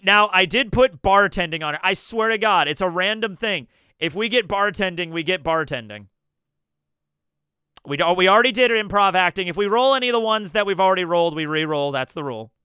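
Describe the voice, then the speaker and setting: Lively high-voiced male streamer. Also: clean tone, no room sound, studio quality. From New Jersey. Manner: chatty, laughs often, casual swearing. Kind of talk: casual livestream commentary.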